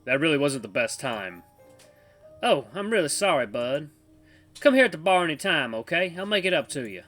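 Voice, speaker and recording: A man voicing a kindly old grandfather with a put-on Southern accent and a soft, reassuring drawl. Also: a little high, very animated, normal speed, faint music behind, pitched above the performer's own voice. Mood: caring. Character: kindly old grandfather bartender, gentle and caring.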